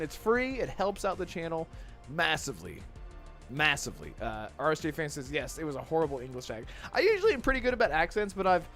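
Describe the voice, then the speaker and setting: A man with a fairly high voice hosts a casual gaming podcast, talking in loose, rambling stretches with plenty of restarts. Faint music runs quietly behind him. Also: very animated, brisk. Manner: rambling, with restarts and chat shout-outs. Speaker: podcast host.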